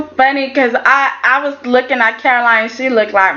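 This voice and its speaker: Her voice sits high and sounds sharp, moving at a moderate pace with hardly any pauses, though the audio is dull. Chatting casually about a soap opera episode, she offers strong opinions and keeps acting out what the characters said, voices and all.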